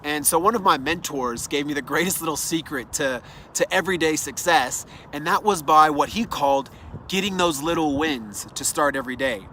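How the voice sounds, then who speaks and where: Bright-voiced man giving motivational advice. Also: fairly high pitch, normal speed, a little hiss or hum. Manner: earnest, encouraging, speaks straight to the listener. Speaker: self-development speaker. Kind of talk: motivational monologue.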